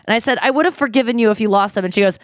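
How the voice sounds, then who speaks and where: A woman's voice: on the high side, very fast, no room sound, clean studio sound. A woman in her thirties hosting a podcast in casual chat, telling stories and reading texts aloud with frequent giggles. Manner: giggly, animated storytelling, reads texts aloud. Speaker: podcast host.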